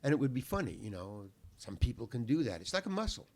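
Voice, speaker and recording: A man's voice: medium pitch, very animated, quick pace, darkish tone. Older man rambling through an anecdote. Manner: rambling, repeats words while thinking; laid-back, salty language. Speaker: guest. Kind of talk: casual anecdote telling.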